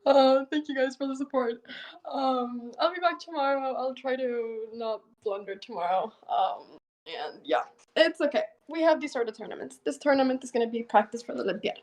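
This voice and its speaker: Young woman, high voice, chatty chess streamer, laughs a lot. Casual live-stream talk. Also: normal speed, darkish tone, rough recording. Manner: chatty, laughs often, thanks viewers.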